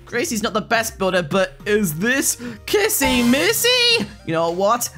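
A woman voicing a mischievous prankster boy who narrates his gameplay in a loud, teasing manner. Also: a little high, big pitch swings, a little slow, heavily acted. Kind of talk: gameplay role-play commentary. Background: background music.

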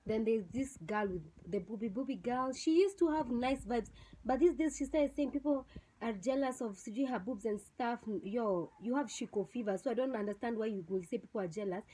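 A woman's voice: a little high, brisk, warm tone, husky, poor audio. A young woman with a Kenyan accent giving a blunt, scornful review on her vlog channel, mixing in Swahili slang. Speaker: vlogger reviewing a TV show. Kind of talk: casual opinionated review.

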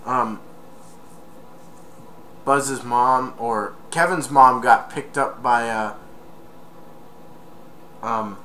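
A man casually retelling a movie plot in a rambling, excitable way for a home video review. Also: mid-range voice, very slow, long pauses, a little hiss or hum.

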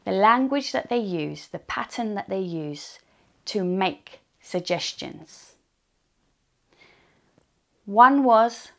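Woman, English teacher, unhurried and patient, a little vocal fry, mid pitch. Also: animated, a bit bright. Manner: slow, deliberate, repeats example phrases. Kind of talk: online English lesson.

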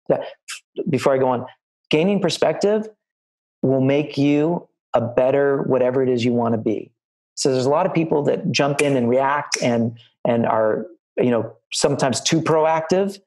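The speaker, a middle-aged man, is a line producer recounting film-set stories to students via video call as career advice, rambling and frequently starting over. He has a medium-pitched, slightly mellow voice, captured in a rough recording.

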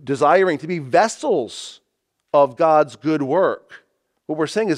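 A man's voice: on the high side, lively intonation, measured pace. A man preaching a sermon as pastor, reading scripture aloud and stressing key phrases emphatically.

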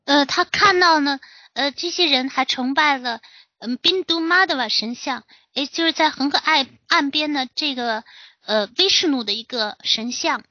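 A woman interprets a lecture in short phrases, pausing on fillers as she goes. Her voice is high and bright. The sound is dry and dull. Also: no room sound. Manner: fillers and pauses between phrases. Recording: dry, lo-fi recording.

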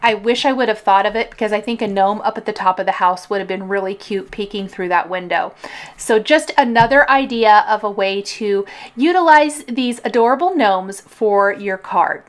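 A woman hosting a card-making tutorial, calmly explaining each coloring and gluing step in a relaxed, chatty way. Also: medium pitch, moderate pace. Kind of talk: craft tutorial voice-over.

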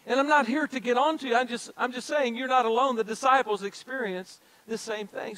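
High-voiced man preaching a sermon. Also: a bit bright, poor audio. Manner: addresses congregation directly, repeats key phrases. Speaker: pastor. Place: church sanctuary.

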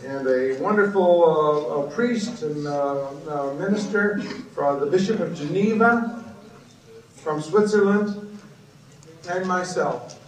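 A man giving an animated, blunt storytelling speech at a book conference. He swings from low asides to loud shouted outbursts. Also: takes it slowly, long pauses, far from the mic. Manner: blunt and profane. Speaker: guest speaker at a book conference. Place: conference hall. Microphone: PA system taped from the audience on a cassette recorder. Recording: echoey hall, taped from the audience on cassette.

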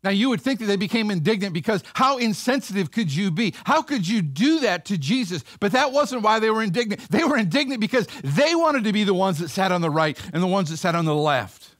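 A man's voice: sits high, animated, brisk, few pauses, fairly bright tone, no room sound, studio quality. A male pastor giving a sermon in a conversational way, acting out the voices of the people in a Bible story.

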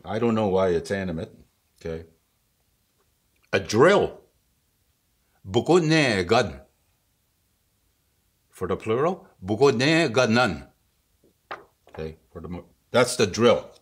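A man's voice: lowish voice, very animated, slow, long pauses, husky. A man giving a casual vocabulary lesson, patient and chuckling often, checking in with the listener after each word. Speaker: language teacher.

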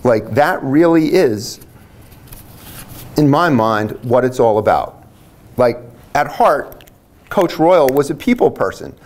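A man in his sixties, a biology instructor, giving a relaxed retirement lecture full of anecdotes, with lots of "like" fillers and restarts. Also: mid-range voice.

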